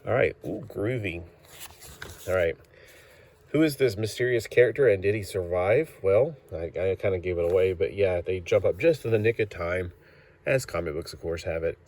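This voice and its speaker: Man, deep low voice, casual comic book review, rambling, lots of fillers and self-corrections. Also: expressive, moderate pace, a little mellow.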